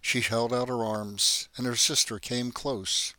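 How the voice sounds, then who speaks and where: Bright, dry-voiced male narrator. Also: mid-range voice, measured pace, dry recording. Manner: steady storytelling reading. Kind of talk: scripted narration.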